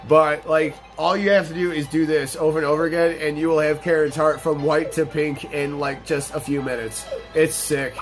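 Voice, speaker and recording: A man's voice: a little high, steady tone, moderate pace, few pauses, faint music behind. A young man casually commenting on a farming game while telling a rambling, profane story. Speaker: gaming channel host.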